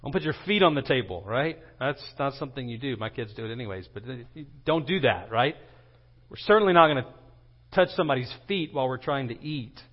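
A pastor preaching a sermon, his intensity rising as he acts out quoted lines. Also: mid-range voice. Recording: dull lo-fi recording.

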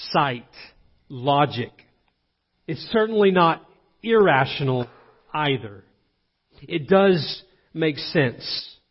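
A man's voice: on the high side, big-room sound. Earnest man preaching, dull lo-fi sound. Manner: earnest, emphatic repetition. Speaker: pastor. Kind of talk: sermon.

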